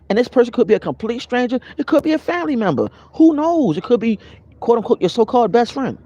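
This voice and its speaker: Animated man giving a spiritual pep talk. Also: sits high, quick pace, no room sound, muffled recording. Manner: animated, conversational, addresses live viewers by name. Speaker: spiritual vlogger. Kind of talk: motivational spiritual monologue to viewers.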